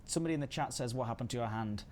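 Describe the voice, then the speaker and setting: A man's voice: mid-range voice, very fast, darkish tone. A man hosting a casual livestream, chatty and self-deprecating, reading chat messages aloud. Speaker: livestream host.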